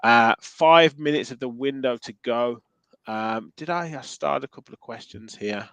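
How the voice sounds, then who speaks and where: Hosting a relaxed football podcast, a Midlands-accented man chats and reads out viewer comments, with lots of ums along the way. His medium-pitched voice is gravelly and fairly bright at normal speed, recorded without echo but in poor quality.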